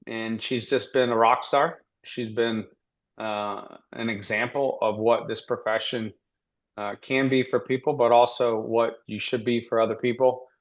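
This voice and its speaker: A man hosting a team training interview, asking rambling, halting questions with many restarts. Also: medium pitch, steady tone, muffled recording. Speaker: host.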